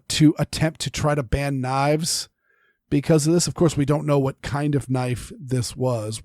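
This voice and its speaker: Speaking at a medium pitch with a slightly mellow quality, this podcast co-host chats casually, full of fillers and false starts as he rambles. The studio-quality recording is dry.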